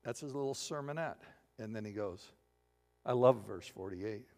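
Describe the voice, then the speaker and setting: A man's voice: on the low side, moderate pace, darkish tone. A man preaching a sermon, telling the story with humor and acting out the voices. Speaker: pastor. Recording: long hall reverb.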